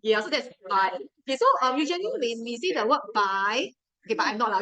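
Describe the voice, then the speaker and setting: A woman's voice: fairly high pitch, sing-song, fairly quick, fairly bright tone, rough recording. A young woman with a Singaporean English accent teaching a live science revision class, chatty and repeating key points to coax her students along. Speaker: science tutor.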